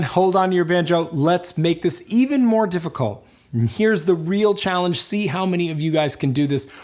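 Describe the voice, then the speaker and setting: A man teaching a banjo lesson, explaining and encouraging in a calm, clear way. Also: fairly high pitch. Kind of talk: instructional lesson.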